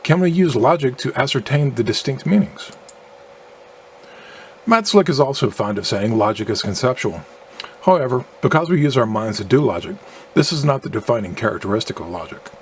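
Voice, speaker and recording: Male narrator, measured and argumentative scripted read, mid-pitched, faint background noise. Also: expressive. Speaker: video narrator.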